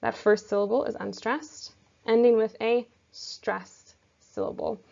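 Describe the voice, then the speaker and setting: A woman teacher explaining a lesson step by step in a patient, measured way. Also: fairly high pitch, steady tone, gravelly, a little mellow. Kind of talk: recorded classroom lesson. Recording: dull lo-fi recording.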